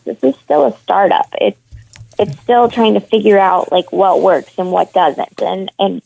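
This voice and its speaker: A woman's voice: medium pitch, measured pace, creaky, mellow, no room sound. A woman calling in as a women's hockey reporter, talking frankly and with open frustration during a phone-in discussion. She sounds annoyed and opinionated. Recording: tinny phone line.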